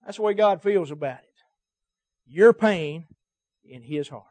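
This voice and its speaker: High-voiced preacher, dry sound. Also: male voice, expressive, brisk, mellow, no echo. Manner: emphatic cadenced preaching, swelling and dropping volume. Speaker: pastor. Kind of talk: sermon. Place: church service.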